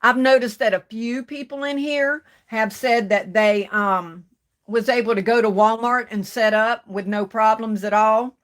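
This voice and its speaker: A woman's voice: fairly high pitch, fairly even intonation, measured pace. Chatty woman greeting her viewers. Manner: warm Southern endearments, calls viewers baby and darling. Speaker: livestream host greeting viewers. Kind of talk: casual livestream chat. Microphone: phone.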